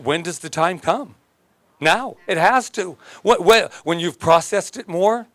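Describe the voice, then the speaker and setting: A man's voice: sits high, a bit bright, no echo. A man preaching a sermon as minister, emphatic and joking, often laughing as he talks.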